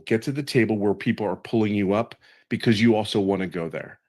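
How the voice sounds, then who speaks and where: A man's voice: on the low side, fast talker, a little mellow. A man in his fifties giving an earnest, emotional testimonial on a video call webinar, pleading and repeating phrases for emphasis. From California. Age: 50s.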